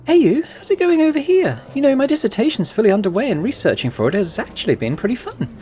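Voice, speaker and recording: A man's voice: very high voice, big pitch swings, quick pace, dark tone, slightly rough, soft background music, voice pushed up, exaggerated voice. A man reading out a young student's game dialogue in a raised, upbeat voice, chatty and persuasive. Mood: eager. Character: eager young plant-science student.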